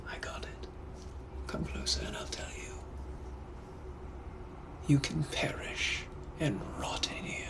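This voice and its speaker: A man voicing a suave, menacing Victorian gentleman butler with a put-on British accent, in whispered role-play, speaking slow, hushed and deliberate. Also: lightly acted. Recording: noisy background hiss.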